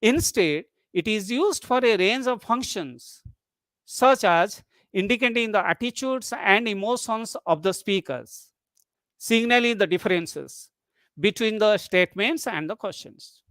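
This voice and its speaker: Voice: mid-range voice, a little slow, fairly bright tone, no room sound. A lecturer giving an academic online talk, explaining methodically, often repeating and rephrasing points, with occasional restarts. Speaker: webinar lecturer.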